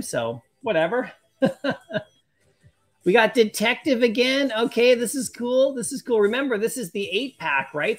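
Streamer host, excitable and chatty, bright forceful voice, mid pitch, faint music bed. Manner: excitable and chatty, laughs often. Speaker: live-stream host opening collectible card packs. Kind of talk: casual live-stream chat, reading viewer comments aloud.

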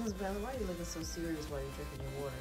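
Young woman, mother talking to her toddler, bouncy up-and-down pitch, laughs a lot, music playing underneath. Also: lively intonation, racing. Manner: doting sing-song talk to a toddler, laughs often. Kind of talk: casual home vlog.

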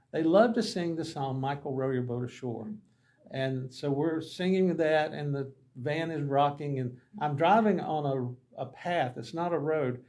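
A man's voice: fairly high pitch, gravelly, darkish tone. A man, a pastor teaching a Bible class, telling folksy, humorous mission stories and acting out the dialogue. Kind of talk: anecdotal Bible lesson storytelling.

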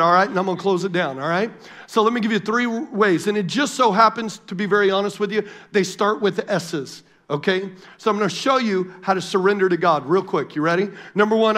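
Pastor guy preaching to a congregation, higher voice, lively, gets people to repeat words back. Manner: animated, calls for audience response; jokey asides, then quiet prayerful passages. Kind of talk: sermon.

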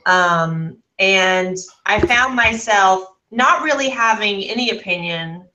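Woman cohost, blunt, swears a bit, bright voice. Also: mid-range voice, slow, rough recording. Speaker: podcast co-host, discussion leader. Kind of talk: casual book club chat.

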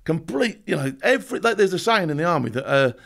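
A man, a former special forces soldier, telling animated war stories as a podcast guest, laughing often and acting out shouts and quotes. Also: on the high side, vocal fry. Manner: fast, laughing anecdotes with acted-out shouts and quotes. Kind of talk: animated storytelling.

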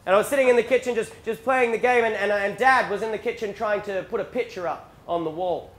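A man with an Australian accent, a stand-up comedian telling animated stories about his upbringing with shouted bursts. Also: high voice, fast talker. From rural South Australia. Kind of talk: stand-up storytelling. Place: theatre stage before a live audience. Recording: roomy stage sound with faint ambience.

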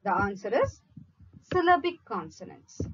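A woman teacher slowly reading out multiple-choice questions, listing each option before giving the answer. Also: mid-range voice, very animated, muffled recording, noisy background. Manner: measured, reads each option in a list then gives the answer. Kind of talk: slow read-out quiz lesson.

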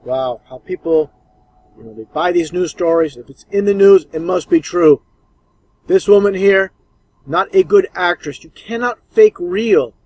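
Scornful man with a slightly high voice. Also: moderate pace, a little mellow, no echo, muffled recording. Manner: scornful, insistent. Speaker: commentator. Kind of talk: commentary over archive clips.

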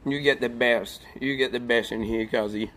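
A man's voice: medium pitch, steady tone, moderate pace, a bit bright, a little hiss or hum. A young man streaming outdoors by a pool, chatting casually with his viewers and often bursting into laughter. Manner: laid-back, talks to chat, bursts into laughter. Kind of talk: casual live-stream chat.

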